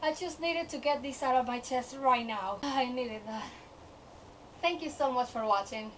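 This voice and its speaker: A woman's voice: high-pitched, moderate pace, fairly bright tone. A young woman book vlogger ranting to camera in a chatty, exasperated way, acting out the voices in her head. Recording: distant mic with faint noise.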